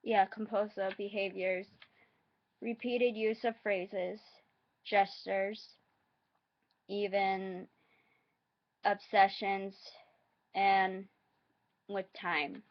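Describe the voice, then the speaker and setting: Slow, halting woman reading aloud. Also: mid-range voice, little pitch movement, lo-fi sound. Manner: halting, hesitant reading with asides. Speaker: vlogger.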